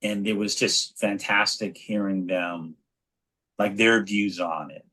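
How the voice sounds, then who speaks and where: A man in his forties from New York speaks in a lowish voice at a slow pace. He's an actor and children's author appearing as a guest in a casual interview, telling stories animatedly and often restarting his sentences.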